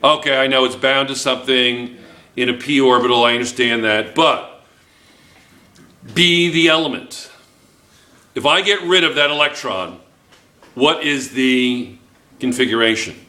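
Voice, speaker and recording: In an echoey classroom, a man lectures his chemistry class with a mid-range, sharp-toned voice, taking his time and pausing often. He's playful and jokey, firing questions at his students.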